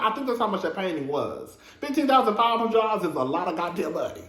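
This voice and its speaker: A man's voice: high voice, very animated, fast, a bit bright, reverberant. A man giving a casual, emphatic and profane recap of a reality TV episode, talking straight to his viewers as a show reviewer.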